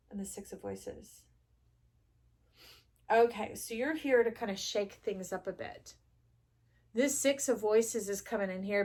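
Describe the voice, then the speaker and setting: A woman casually giving a spiritual tarot reading to her viewers, chatty and upbeat, now and then jumping into excited high bursts. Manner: animated, spiritual, chatty, jumps into excited highs. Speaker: tarot reader.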